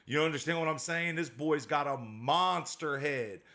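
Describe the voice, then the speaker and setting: A man's voice: on the high side, normal speed, vocal fry, sharp tone. A man hosting a casual livestream as a dog breeder, reading out viewer comments in a slangy, repetitive way.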